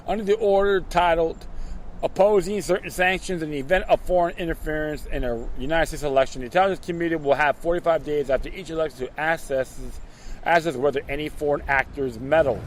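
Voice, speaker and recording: A man's voice: on the high side, a little fast, a little hiss or hum. A man reading political news aloud and breaking off into sarcastic, mocking commentary, often tripping over his words.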